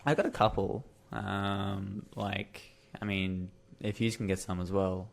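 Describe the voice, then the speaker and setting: A man's voice: low voice, flat delivery, a little slow, vocal fry. A man co-hosting a podcast in casual chat, talking with many fillers and repeated words. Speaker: podcast co-host.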